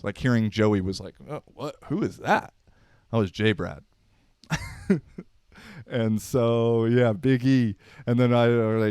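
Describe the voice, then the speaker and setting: A man's voice: on the low side, darkish tone, smooth, no room sound, clean studio sound. A man in his thirties hosting a podcast, telling unscripted stories in a laid-back, slangy, rambling way. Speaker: podcast host. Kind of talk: unscripted casual storytelling.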